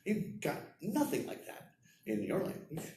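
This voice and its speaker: A man teaching English at a seminar, lecturing slowly and demonstrating example sentences aloud. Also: fairly high pitch, wildly swooping pitch, dark tone, a little hiss or hum. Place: seminar room. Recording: roomy echo, heard from far off.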